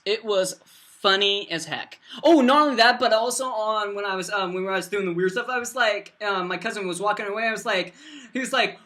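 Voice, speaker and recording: A teenage boy vlogger telling a rambling storytime, full of fillers and bursts of loud silly voices. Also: high-pitched. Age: teens.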